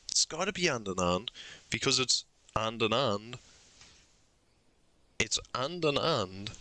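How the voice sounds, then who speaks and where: A man's voice: mid-range voice, sharp tone. A young man streaming a puzzle game, thinking aloud and arguing his case insistently with himself. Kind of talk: live game commentary.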